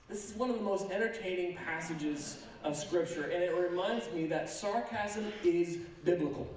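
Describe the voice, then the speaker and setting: A pastor preaching a sermon in an animated, joking manner with sarcastic asides. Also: male voice, high-pitched, normal speed, a little hiss or hum. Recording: echoey sanctuary, from a distance.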